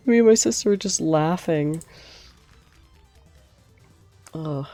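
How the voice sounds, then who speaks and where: Low-voiced giggly young woman streamer. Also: normal speed, hardly any pauses, warm tone, no room sound, faint music behind. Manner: chatty, giggly, rambling asides. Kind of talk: casual gameplay storytelling.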